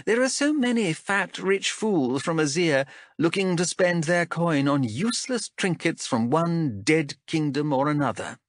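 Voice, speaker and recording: A man's voice: on the high side, animated, unhurried, few pauses, no echo, studio quality, voice pushed up. A male narrator voicing a shrewd, mocking female elf captain in a raised, sardonic voice. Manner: sardonic, wheedling, menacing. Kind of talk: audiobook character voice.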